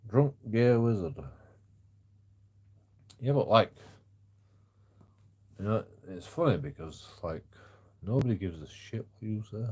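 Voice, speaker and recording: Deep husky man ranting on stream. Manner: stammering, profane, swings between loud and muttered. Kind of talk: rambling live-stream rant.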